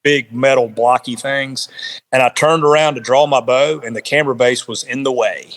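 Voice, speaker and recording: Animated man telling a hunting story. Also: mid-range voice, moderate pace. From South Carolina. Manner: animated, repeats words. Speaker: podcast guest, bowhunter. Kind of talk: casual storytelling. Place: home, on a remote call.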